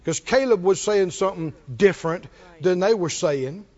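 High-voiced emphatic preacher man. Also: expressive, normal speed, a little mellow. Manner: emphatic call-and-response preaching. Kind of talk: sermon. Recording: long hall reverb, dull lo-fi sound.

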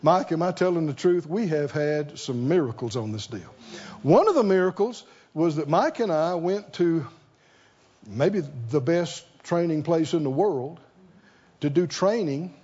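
A man's voice: fairly high pitch, animated, measured pace, a little mellow, muffled recording. A man preaching a sermon, emphatic and fond of rhetorical questions.

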